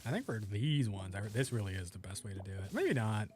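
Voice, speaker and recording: A man's voice: fairly low pitch, very animated, fairly quick, a little mellow, soft background music. A young man streaming a game, rambling casually and chatting with his viewers as he plays. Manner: rambling, chats with viewers while playing.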